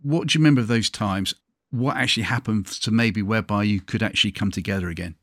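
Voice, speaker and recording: Man, British accent, interview host, lowish voice, dry recording, polite attentive questions. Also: fast talker, no room sound. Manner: polite, attentive, gently probing. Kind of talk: conversational interview.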